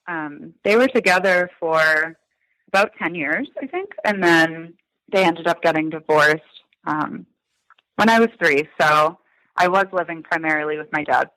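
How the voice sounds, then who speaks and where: A man's voice: a little high, moderate pace, bright, forceful tone, no room sound, poor audio. A man in his thirties from Massachusetts, talking reflectively in a podcast interview with many ums and likes. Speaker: guest, son of a crime victim.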